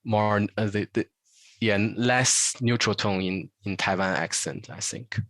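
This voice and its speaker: Low-voiced Chinese-accented man, hesitant. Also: steady tone, a little slow, a bit bright, no room sound. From northern China. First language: Mandarin Chinese. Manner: hesitant, many "uh" fillers, models Mandarin phrases. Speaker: Chinese teacher, interview guest. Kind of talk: casual interview chat.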